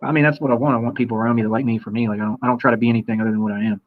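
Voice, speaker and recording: A man rattling along quickly as a guest, boastful and flirty, over a tinny, phone-like line. The sound is dry and close, with no room at all. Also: medium pitch, steady tone, no room sound. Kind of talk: casual video-call conversation.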